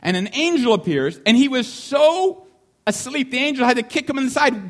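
A man preaching a sermon in an animated way, often repeating key lines for emphasis and acting out voices in the story. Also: extremely high pitch, moderate pace. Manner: animated, acts out the disciples' shouting.

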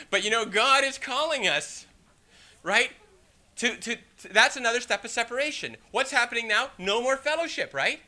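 A man delivering a lively sermon in a high, very bright voice. He preaches in an animated, rhetorical way and keeps checking in with the listeners. He also reads scripture in old-fashioned wording. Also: unhurried.

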